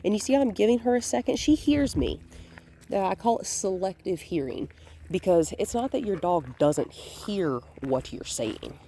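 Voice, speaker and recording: A woman dog trainer filming a walk outdoors on a hand-held phone, calmly explaining and softly praising the dog. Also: mid-range voice, normal speed, a little hiss or hum. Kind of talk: hands-on training demonstration. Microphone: phone held in one hand.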